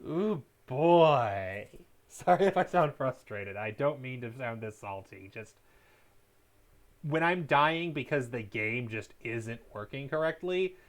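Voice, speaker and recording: A game streamer with an ordinary mid-pitched voice provides live gameplay commentary at normal speed from a desk mic. He chats easily with his viewers and erupts into loud, excited yelling whenever things get tense.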